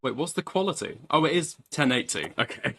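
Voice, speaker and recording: A man's voice: fairly high pitch, sing-song, fairly quick, music in the background. A man giving crude, profane, mocking reaction commentary, laughing often as he talks.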